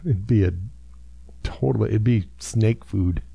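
A man's voice: fairly low pitch, a little slow, vocal fry, mellow, breathy edge, dry recording. A man co-hosting a casual chat, joking around a lot. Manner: jokey, prone to silly voices.

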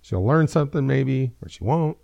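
A middle-aged man with a gravelly, fry-edged voice hosts a casual talk show, rambling through thoughts on parenting and laughing easily. His delivery is loose and self-deprecating. The sound is dry and close, like a studio mic. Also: medium pitch, animated, moderate pace, warm tone, no echo. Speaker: radio show host and father.

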